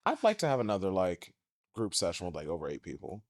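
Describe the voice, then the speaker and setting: A man co-hosting a podcast in casual chat, animated and quick to jump into high mock voices. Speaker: podcast co-host.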